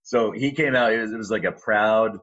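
A middle-aged man, an arena announcer, telling a relaxed story with fillers in a casual interview. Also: on the low side, brisk, dull audio. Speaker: arena announcer and sports media relations staffer.

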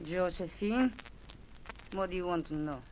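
A woman's voice: on the low side, a little slow, darkish tone, slight background noise, close to an everyday voice, poor audio. An actress playing a defiant young woman who speaks broken English, in a 1950s radio drama. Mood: curious. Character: fiery young woman guarding a gangster's house.

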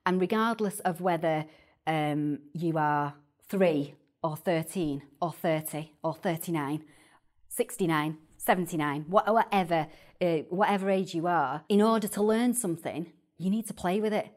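A woman, a guest chatting on a podcast about early years teaching, animated and often repeating words as she starts a thought. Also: on the low side, moderate pace. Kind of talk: casual podcast chat.

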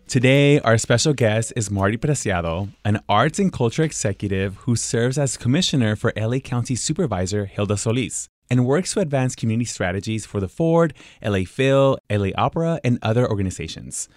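A man's voice: mid-range voice, expressive, a little fast, few pauses, no room sound. A man hosting a casual podcast from a studio, playful and laughing often. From Los Angeles. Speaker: podcast host. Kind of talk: casual chat. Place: radio studio.

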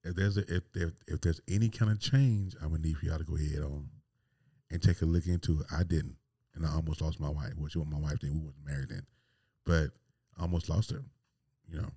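A man's voice: rumbling low, steady tone, a little fast, warm tone, slightly rough, no room sound, clean studio sound. A man, telling a personal story on his podcast in a candid, rambling way with many restarts. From North Carolina. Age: 40s. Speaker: podcast host.

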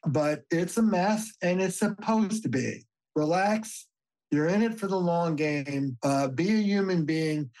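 A fairly high-pitched older man speaks at a measured pace as a podcast guest, recounting stories with animated emphasis and casual profanity. He is a family therapist, and the recording is rough.

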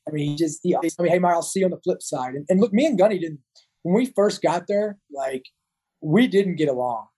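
A man tells his stories in a loose, rambling way, stopping and starting his sentences often. His voice is a little high for a man and sounds mellow and soft at the edges. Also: poor audio. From Kentucky. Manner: rambling, many restarts and fillers. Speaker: guest, Marine veteran. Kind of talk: casual storytelling interview.

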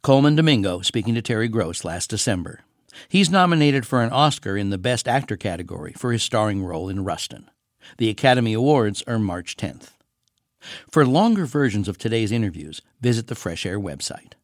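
A man's voice: fairly low pitch, expressive, fairly quick, dry recording, studio quality. A man, a radio host, reading scripted links between segments.

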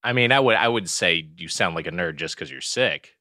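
A man's voice: sits low, expressive, brisk, sharp tone, no echo, clean studio sound. A man hosting a podcast, reading a scripted intro and then bantering teasingly with his co-host. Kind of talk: scripted narration then casual chat.

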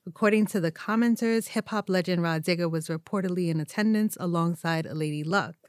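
A woman co-hosting a podcast, reading out news topics in a steady, orderly way. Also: on the low side, a little fast, no echo, studio quality. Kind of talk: casual chat and reading news items.

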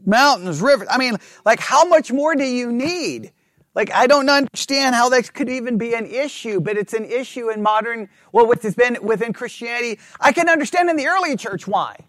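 A man leading a Bible study class, reading scripture aloud slowly and checking in with the group with frequent questions. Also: very high voice, expressive, fairly bright tone, no echo, studio quality.

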